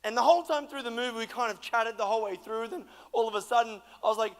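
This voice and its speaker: A man's voice: very high voice, fast, hardly any pauses, fairly bright tone. A man, giving a playful youth sermon as a guest speaker and telling a story with laughter. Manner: playful, laughing, acts out quoted voices. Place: large church hall. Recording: echoey hall with long reverb.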